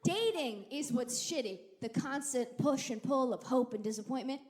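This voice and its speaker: A woman in her thirties performing a sarcastic, animated stand-up comedy set and working the crowd on a theater stage. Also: high voice, normal speed. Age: 30s. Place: large theater stage with audience. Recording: live theater recording with crowd laughter.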